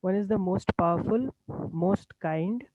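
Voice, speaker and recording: A man's voice: high-pitched, unhurried. A man in an online class answering the teacher hesitantly, stopping often as he searches for the answer. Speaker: class participant. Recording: faint, dull, noisy call audio.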